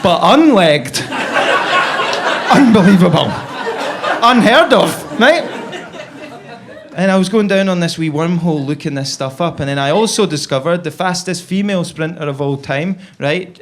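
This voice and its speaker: Brief: young Scottish stand-up, self-deprecating, high-pitched, noisy live club mic. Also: male voice, fairly quick, some chatter behind. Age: young adult. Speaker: stand-up comedian. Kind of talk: stand-up set. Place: comedy club stage.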